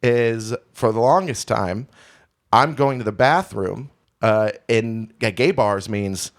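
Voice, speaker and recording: A man's voice: on the low side, slow. Candid rambling man telling a story. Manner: candid, rambling, lots of restarts and "right?". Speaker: podcast co-host. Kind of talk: casual storytelling chat.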